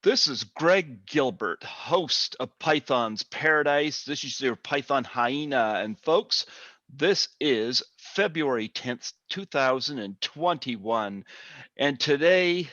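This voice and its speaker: A man's voice: medium pitch, animated, slow pace, fairly bright tone, dry recording. Canadian man, podcast host, chatty, laughs a lot, dry muffled call audio. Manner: chatty, laughs often, self-deprecating. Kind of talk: casual interview over a call. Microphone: video call.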